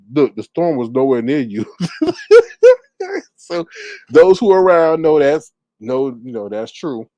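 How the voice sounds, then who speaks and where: A man hosting a casual live stream, reading viewer comments aloud and reacting with sassy, animated remarks. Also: medium pitch, no room sound.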